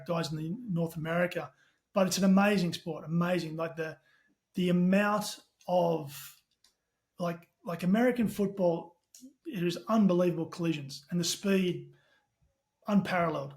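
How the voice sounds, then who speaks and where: Fast-talking Australian man, high voice. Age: middle-aged. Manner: animated storyteller, talks fast with casual swearing. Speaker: podcast guest, tech company CEO. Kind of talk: casual podcast chat.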